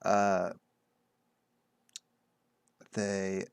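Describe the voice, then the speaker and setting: A man's voice: sits low, monotone, very slow, vocal fry, smooth, dry recording. A man casually recounting a game session he ran as game master, in a meandering way full of fillers. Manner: meandering, loose, lots of "like" and "uh". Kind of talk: casual rambling monologue.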